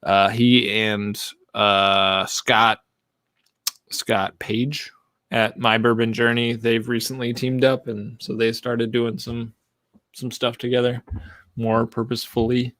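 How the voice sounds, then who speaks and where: A man's voice: mid-range voice, slow pace, no room sound, clean studio sound. Rambling man hosting a live stream. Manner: rambling, animated, lots of fillers. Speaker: podcast host. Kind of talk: casual live-stream chat.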